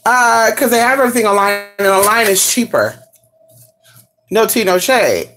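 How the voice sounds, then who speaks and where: A woman's voice: medium pitch, big pitch swings, normal speed, fairly bright tone, soft background music. A woman chatting casually with her viewers, sassy and exclamatory, and she swears freely. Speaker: vlogger. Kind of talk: casual live chat to viewers.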